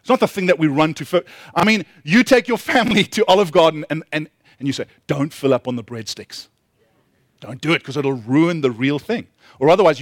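A man's voice: sits high, no echo, clean studio sound. A middle-aged man giving a conversational sermon as a pastor, humorous and self-deprecating, with frequent restarts and repeated words.

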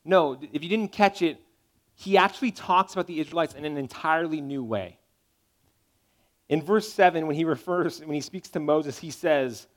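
A man's voice: on the high side, moderate pace. A man preaching a sermon as pastor, talking in a conversational but emphatic way and checking in with his listeners as he goes.

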